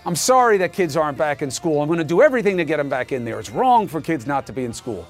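A man's voice: on the high side, very animated, quick pace, soft background music. A male news anchor delivering an emphatic, sarcastic opinion monologue in a studio.

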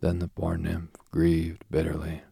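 A man reads a myth as a sleep story, slowly and soothingly, sinking now and then into a whisper. His voice is extremely low and gravelly, with a breathy, husky texture. The sound is close and dry. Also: completely flat delivery, dark tone, no echo. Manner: slow, soothing, drifting into whispers. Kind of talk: bedtime story reading.

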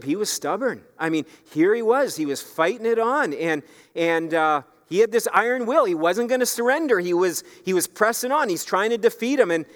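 A man's voice: medium pitch, clean tone, big-room sound. A man preaching a sermon as pastor, earnest and building to pleading emphasis.

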